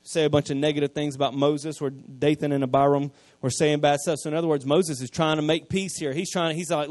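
Guy preaching, chatty bible retelling, kinda high voice. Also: steady tone, fast talker, few pauses, no echo. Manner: conversational preaching, paraphrasing scripture in casual modern speech; swings from quiet to loud emphasis. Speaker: pastor. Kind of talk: sermon.

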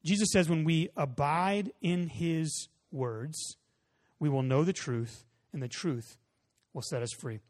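A man in his thirties preaching a sermon as a pastor, conversational, with rising emphatic peaks and soft drop-offs. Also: a little high, slow.

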